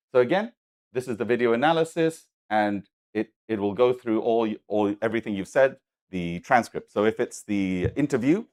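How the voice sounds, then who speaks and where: Hurried man giving a live demo. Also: mid-range voice. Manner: hurried, halting, many restarts. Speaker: presenter demonstrating software. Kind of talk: live product demo talk. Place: festival lab presentation.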